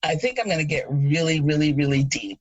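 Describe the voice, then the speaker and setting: A woman in her thirties from Jamaica, co-hosting a podcast and chatting casually, an animated storyteller who laughs often. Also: deep voice, a little fast, no echo, dull audio. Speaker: podcast co-host. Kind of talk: casual chat.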